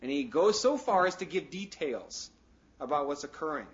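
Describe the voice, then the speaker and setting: A man's voice: fairly high pitch, big pitch swings, moderate pace. A man preaching a sermon in a loose, conversational way, full of "you know" asides and jokes. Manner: breaks into jokes and acted asides. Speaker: pastor. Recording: dull, lo-fi sound.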